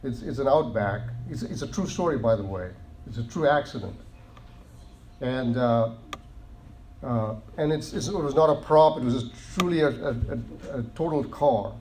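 Earnest male preacher, halting restarts. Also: medium pitch, darkish tone, a little hiss or hum. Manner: earnest, repeats and restarts phrases, stresses key words slowly. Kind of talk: sermon.

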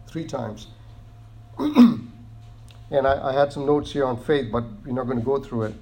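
A man preaching a sermon in an earnest way, often restarting phrases and slowing down to stress key words. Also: medium pitch, warm tone.

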